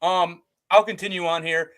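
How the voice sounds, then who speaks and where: A man's voice: sits high, fairly even intonation, normal speed, fairly bright tone, smooth. A man co-hosting a casual sports betting podcast, giving his picks with blunt confidence. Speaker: co-host picking bets.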